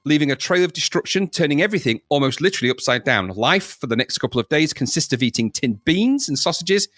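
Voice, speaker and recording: A man's voice: fairly high pitch, animated, fast, a bit bright, no echo, studio quality. A man hosting a casual podcast, playfully reading out listener letters with jokey asides. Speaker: podcast host.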